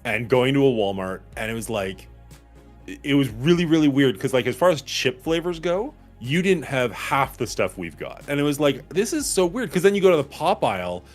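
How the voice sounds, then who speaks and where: A man's voice: medium pitch, very animated, moderate pace, faint music behind. A man from Canada, a guest in a casual chat, talking in a laid-back, joking way.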